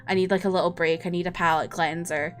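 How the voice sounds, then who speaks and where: A woman's voice: fairly low pitch, steady tone, fast, faint music behind. A tired young woman streamer chatting casually and rambling, often breaking into laughs.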